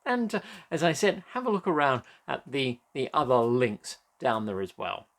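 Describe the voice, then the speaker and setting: A host introducing the next guest in a casual way. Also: male voice, mid-range voice, very animated, moderate pace. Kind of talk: show introduction.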